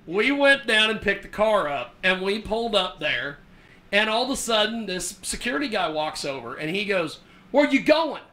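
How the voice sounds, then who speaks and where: A man with a high-sitting voice hosts a talk radio show, telling a story at a moderate pace in a relaxed, animated way. He acts out what others said and laughs often.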